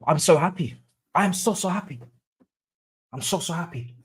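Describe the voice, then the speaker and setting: A young man hosting a live football watch-along, swinging between low murmurs and excited chanting. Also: moderate pace, slight background noise. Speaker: livestream host.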